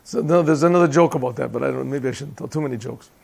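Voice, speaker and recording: Fast-talking, with a creaky, darkish mid-range voice and a breathy edge, a man teaches a Chassidic class as a rabbi in a yeshiva classroom. The lecture is casual and humorous, and he often asks his listeners questions.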